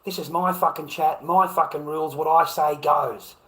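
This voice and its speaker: A man's voice: fairly high pitch, fairly even intonation, moderate pace, fairly bright tone, poor audio. An Australian man hosting a livestream, talking in a brash, profane and confrontational way as he reacts to chat comments at home. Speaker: livestream host.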